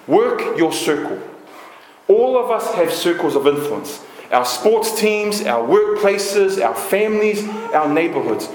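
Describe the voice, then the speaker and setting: Brief: New man, passionate sermon, high voice, reverberant church hall. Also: slight background noise. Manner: passionate, emphatic preaching with list-like repetition. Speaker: preacher. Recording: echoey room.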